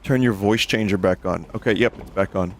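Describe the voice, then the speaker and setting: Low-voiced guy streaming a game, dry jokes, chatting w his viewers, faint noise behind. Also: fairly quick. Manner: dry, joking, talks to chat. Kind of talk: casual gameplay commentary.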